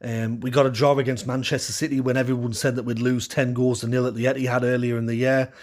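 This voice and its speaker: A man's voice: mid-range voice, level tone, fast talker. A man giving an opinionated, frustrated spoken reaction after a football match, rambling with fillers. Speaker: football fan channel host. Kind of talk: post-match reaction monologue.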